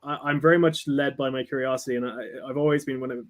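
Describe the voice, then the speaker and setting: A man, a whiskey maker talking as a guest on a livestream in a rambling, halting way with many restarts. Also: medium pitch, fairly even intonation. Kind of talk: casual livestream chat.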